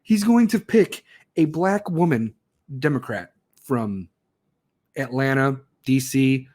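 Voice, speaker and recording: A man's voice: mid-range voice, slow pace, darkish tone. A man ranting angrily, swearing nonstop and mocking people in put-on voices as a podcast host. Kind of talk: profane rant.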